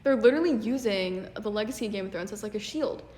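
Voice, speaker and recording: A woman's voice: mid-range voice, animated, fast, a little mellow. A woman giving a ranting video commentary, exasperated and sarcastic. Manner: exasperated, sarcastic, many "like" fillers. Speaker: video essayist. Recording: echoey room with long reverb.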